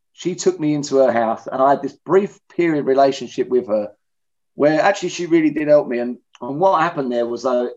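A middle-aged man, candidly telling his own story in an interview, blunt and plain-spoken. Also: medium pitch. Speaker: interviewee in recovery. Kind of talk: personal testimony in conversation. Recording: dull lo-fi recording.

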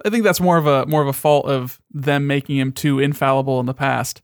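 A man's voice: medium pitch, fairly even intonation, brisk, smooth, dry recording, clean studio sound. A young man in casual chat as a podcast co-host, rambling and swearing freely, with many restarts.

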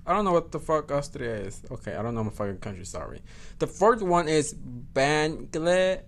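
A man's voice: on the high side, expressive, moderate pace, gravelly. A man hosting a solo podcast, chatting casually, swearing often and correcting himself as he goes. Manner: profane, code-switches into Spanish, self-correcting. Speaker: podcast host.

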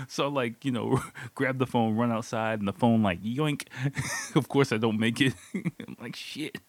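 A man's voice: mid-range voice, fairly even intonation, unhurried, no echo. A man casually telling a personal story, loose and profane, often laughing as he talks. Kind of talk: casual spoken anecdote.

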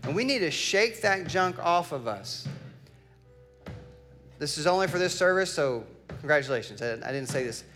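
A middle-aged man preaching a sermon. He tells a family story and builds up to loud, emphatic declarations. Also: on the high side, expressive, normal speed, soft background music. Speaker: pastor.

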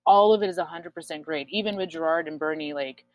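A woman's voice: low voice, fast talker. A woman in her twenties, telling her own story frankly in a casual chat, swearing often and using many fillers. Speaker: guest sharing her story.

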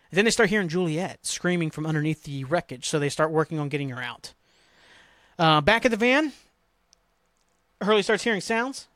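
A man with a somewhat high voice talks through a TV episode on his podcast in a loose, rambling way. He swears freely and grumbles about plot holes. The sound is dry and close. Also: fairly quick, a bit bright, no echo. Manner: rambling, profane, exasperated griping. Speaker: podcast host. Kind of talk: casual TV episode recap.

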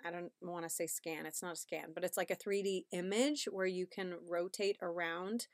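A woman's voice: fairly low pitch, no echo. Chatty pregnant woman, dry close sound. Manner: chatty, upbeat, often asks "right?". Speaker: podcast host. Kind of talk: casual parenting podcast talk.

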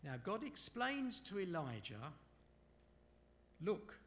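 A man preaching a sermon in an unhurried way, asking his listeners rhetorical questions and making apologetic asides. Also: on the high side, sing-song, slight background noise. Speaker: preacher leading a Bible study.

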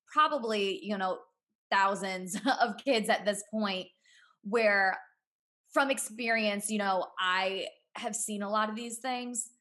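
Podcast guest: woman, former teacher, mid-pitched, earnest and chatty with soft laughs. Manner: earnest, talks through ideas with frequent "you know" and soft laughs. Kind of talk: casual podcast conversation.

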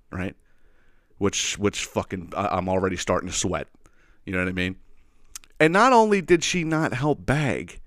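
A man hosting a podcast, telling a story as a profane, animated rant. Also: medium pitch, no room sound, clean studio sound. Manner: profane, animated, repeats "you know what I mean". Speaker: podcast host. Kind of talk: ranting storytelling.

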